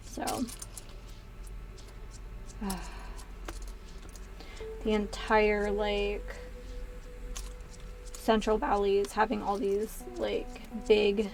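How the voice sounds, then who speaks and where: A woman's voice: medium pitch, darkish tone. Chatty woman in her thirties rambling. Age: 30s. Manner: chatty, rambling with many asides. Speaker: streamer. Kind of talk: casual chat while building Lego. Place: small converted walk-in closet.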